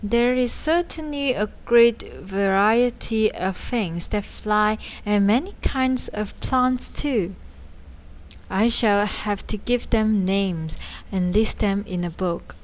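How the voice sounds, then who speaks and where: A woman's voice: mid-range voice, slow, natural voice. A woman voicing a thoughtful, curious little storybook character who talks earnestly and exclaims. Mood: musing.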